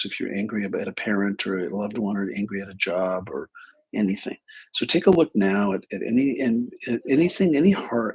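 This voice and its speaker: Male trainer, low husky rasp, relaxed flippant storyteller. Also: low-quality recording. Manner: flippant and irreverent. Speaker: speaker and trainer. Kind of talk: casual live talk with storytelling.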